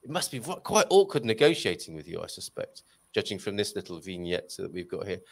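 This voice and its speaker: A man's voice: low-pitched, fairly quick, creaky. A man hosting a live-stream chat, joking and poking fun at himself as he reads out viewer questions. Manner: joking, self-mocking, lively banter. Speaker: show host.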